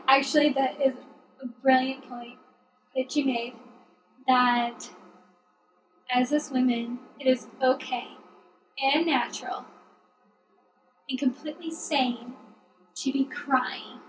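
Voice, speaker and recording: A woman's voice: high-pitched, fairly even intonation, takes it slowly, pauses often, roomy sound, far from the mic, soft background music, rough recording. A woman who works as a counselor, chatting earnestly and affirmingly on a podcast. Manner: earnest, affirming, frequent agreement. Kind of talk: casual conversational chat.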